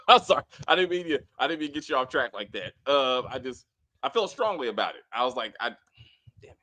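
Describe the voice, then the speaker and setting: Animated bright-voiced man riffing. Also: medium pitch, a little fast. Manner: animated, profane, acts out scenes in quoted voices, keeps apologizing for tangents. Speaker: co-host of a TV review show. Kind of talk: casual chat.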